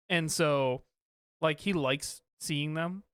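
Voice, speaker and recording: Dad in his 30s rambling on a podcast, smooth clear voice, kinda high, dry close mic. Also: extremely slow, fairly bright tone, no echo. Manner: rambling, many fillers and restarts. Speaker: podcast co-host, father. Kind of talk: casual chat.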